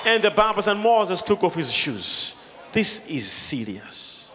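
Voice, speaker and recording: High-voiced preacher guy, swings up and down a lot, big reverby hall. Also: very animated, measured pace. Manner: emphatic call-and-response preaching, often shouting. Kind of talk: sermon. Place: large hall with a congregation. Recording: reverberant hall, crowd noise behind.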